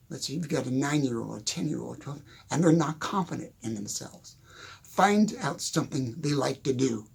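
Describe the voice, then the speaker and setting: A man in his sixties giving a casual motivational talk, telling stories in an animated way and chuckling often. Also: a little high, creaky, husky. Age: 60s. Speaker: motivational speaker.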